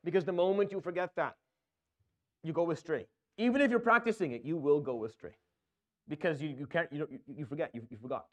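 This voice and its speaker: A man gives an earnest religious talk in a slightly high voice. He circles back over his points, repeating phrases and putting questions to his listeners. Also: fast talker, lo-fi sound. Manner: earnest, repetitive, rhetorical questions. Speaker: Islamic preacher.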